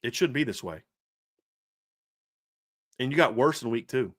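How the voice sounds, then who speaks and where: A man's voice: medium pitch, expressive, measured pace, fairly bright tone, no echo, studio quality. A man co-hosting a sports podcast, ranting heatedly about his team's coaching, fired up and repeating himself with restarts. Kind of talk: heated sports commentary rant.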